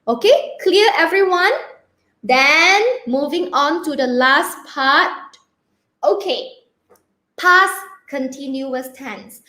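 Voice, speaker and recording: Lively high-voiced Malaysian English teacher. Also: female voice, roomy sound. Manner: checks understanding often with "okay?"; slow, repeating key words for emphasis. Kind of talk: online English grammar lesson.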